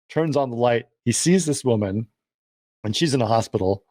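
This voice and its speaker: A man's voice: medium pitch, animated, normal speed, darkish tone, no room sound, studio quality. A man co-hosting a casual film podcast, animatedly retelling the plot and acting out the characters' lines. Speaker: podcast co-host. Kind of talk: casual film-discussion chat.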